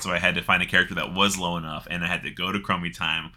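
A man's voice: low voice, fast, few pauses. A man chatting casually about a video game, telling stories with swearing and laughter. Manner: animated, swearing, laughing storyteller. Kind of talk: casual gaming chat.

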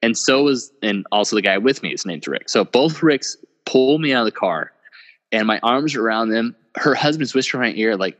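A man's voice: medium pitch, expressive, a little fast, fairly bright tone. Rambling man telling a story in a reverberant room. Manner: rambling, full of "like" and swearing, laughing at himself. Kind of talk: casual podcast chat.

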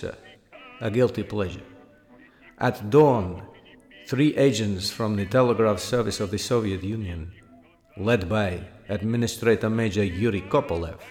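Low-ish guy narrating a tabletop game, slow and deliberate, long reverb and soft music behind.

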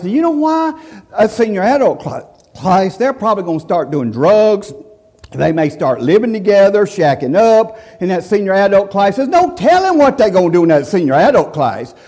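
A man delivering a sermon in a folksy, emphatic, storytelling manner. His voice sits a little high for a man. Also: very animated, normal speed, darkish tone. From central Alabama, USA. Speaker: visiting preacher.

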